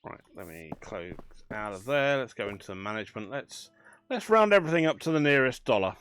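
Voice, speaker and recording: A man's voice: mid-range voice, big pitch swings, brisk, fairly bright tone, clear, resonant tone, soft background music. A man chatting casually as he plays a management game, thinking aloud with dry banter. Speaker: gaming channel host. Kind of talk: casual let's play commentary.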